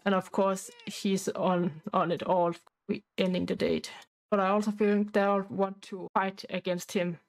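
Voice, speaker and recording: A woman's voice: mid-range voice, little pitch movement, unhurried, gravelly, rough recording. Chatty woman narrating a game. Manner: rambling, talkative, loose informal grammar. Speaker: gameplay narrator. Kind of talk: casual life-sim playthrough commentary.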